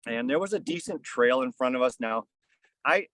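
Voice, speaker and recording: A man's voice: mid-range voice, lively intonation, normal speed, a bit bright, no room sound. Rambling man telling a story, dry sound. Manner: rambling, lots of "kinda" and "like". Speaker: podcast guest. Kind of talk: casual storytelling. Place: on a fishing boat.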